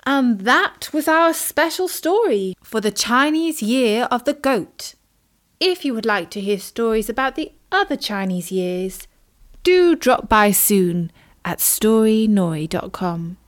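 Woman, storybook narrator, fairly high voice, slow measured reading. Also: very animated.

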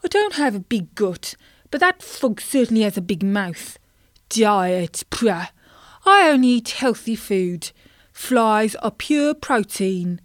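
A woman's voice: mid-range voice, big pitch swings, slow, no room sound, clean studio sound. A woman doing a huffy, vain male carp. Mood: indignant. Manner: huffy and self-important. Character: grumpy, pompous male carp, big and vain.

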